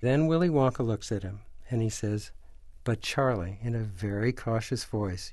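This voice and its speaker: A man's voice: on the low side, normal speed, no echo. An older man shares a story from his career in a radio interview. He brings the quoted people to life as he talks. His voice is recorded close and dry. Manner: animated anecdote teller, acts out quoted voices. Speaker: screenwriter guest.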